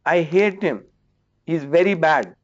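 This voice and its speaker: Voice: mid-range voice, expressive, unhurried, lo-fi sound, lightly acted. A trainer playing an angry, stubborn child in a role-play, insisting and repeating. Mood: insistent.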